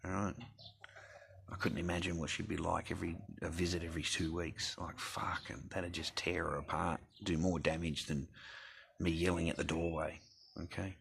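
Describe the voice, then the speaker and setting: A man's voice: deep voice, little pitch movement, moderate pace, vocal fry, a bit bright, slight background noise. A middle-aged man, ranting bluntly and swearing constantly in a casual talk to camera. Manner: blunt and sweary, heavy profanity. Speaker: vlogger.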